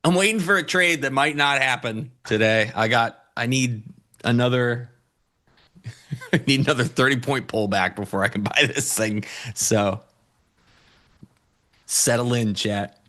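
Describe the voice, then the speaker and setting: A man's voice: mid-range voice, measured pace, pauses often, bright, forceful tone. A man co-hosting a live trading stream in casual banter, joking and playful, fond of dad jokes. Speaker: co-host and futures trader.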